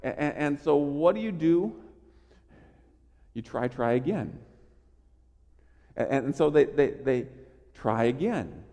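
A man preaching a sermon in an emphatic, animated way, often restarting his phrases. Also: mid-range voice, moderate pace, pauses often, big-room sound. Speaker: pastor.

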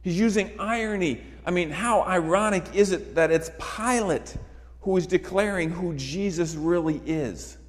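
An emphatic male preacher delivering a sermon, his voice sitting a touch high for a man. He drives points home by repeating phrases. The sound carries a long reverb from a large hall. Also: measured pace.

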